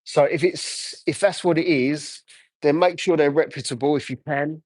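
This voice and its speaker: A man's voice: fairly high pitch, fairly even intonation, moderate pace, a little mellow, dry recording. A man chatting casually on a livestream, answering viewer comments while he cleans a car outdoors, talking into a phone. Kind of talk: casual live chat while working.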